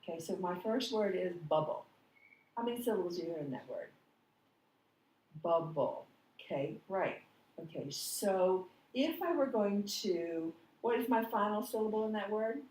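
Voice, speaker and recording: A woman teaching a slow, patient phonics lesson, quizzing the listener on syllables. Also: mid-range voice, animated, darkish tone, distant mic, a little hiss or hum. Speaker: reading teacher. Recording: echoey room, voice off-mic.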